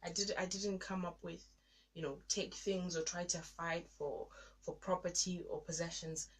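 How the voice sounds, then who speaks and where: Thirties woman giving testimony in an interview, gets emotional, replays her old prayers out loud. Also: fairly low pitch, flat delivery, moderate pace, breathy edge. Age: 30s. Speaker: guest.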